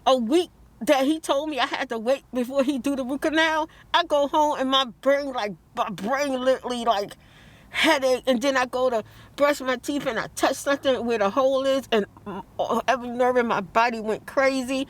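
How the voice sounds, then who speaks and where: A high-voiced woman vlogs in a heated, emotional rant. She talks fast and gets tearful, breaking off to quote other people. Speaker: vlogger.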